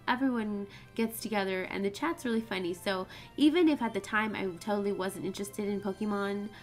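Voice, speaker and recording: A woman's voice: medium pitch, fairly bright tone. Casting: young woman, casual let's-play host, rambly and chatty, mid-range voice, faint music bed. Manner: chatty, rambling, goes off on tangents. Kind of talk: casual gameplay commentary.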